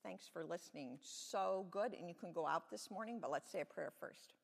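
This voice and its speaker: A woman leading a children's sermon in church, telling a Bible story simply and warmly to kids. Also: lowish voice, moderate pace, creaky, slightly rough, in a large hall. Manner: friendly, explaining simply to children. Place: church sanctuary.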